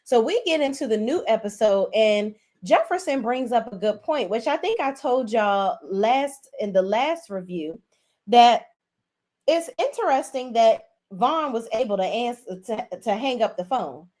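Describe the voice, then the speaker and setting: A woman in her forties hosting a casual livestream, recapping a drama episode and speaking directly to viewers in a chatty, animated way. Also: fairly high pitch, a little slow. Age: 40s. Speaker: host. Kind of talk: casual livestream show review.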